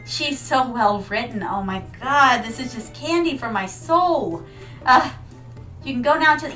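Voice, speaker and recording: A woman's voice: fairly high pitch, animated, slow pace, sharp tone, recorded from a distance, low-quality recording. A woman streaming a video game, chatting playfully with her viewers, with giggles and dramatic yelps. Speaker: VTuber streamer. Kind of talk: casual gaming stream chat. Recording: mic set back, faint music behind.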